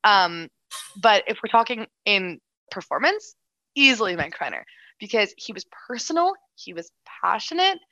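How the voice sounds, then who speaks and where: A woman co-hosting a casual political chat, animated and quick, full of restarts and "like". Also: mid-range voice, no echo, rough recording. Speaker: political commentator, co-host.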